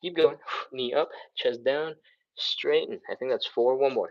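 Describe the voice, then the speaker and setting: A man's voice: mid-range voice, unhurried, creaky, muffled recording. A man leading a live stretching workout, giving upbeat cues, counting down and breathing audibly as he stretches along. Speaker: stretching instructor.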